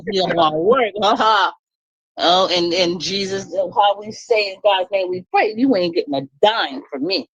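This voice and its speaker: A middle-aged woman venting bluntly in a casual live-stream chat, laughing often and jumping high in pitch when she gets indignant. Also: a little slow, slightly rough, no room sound. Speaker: guest speaking on a live stream.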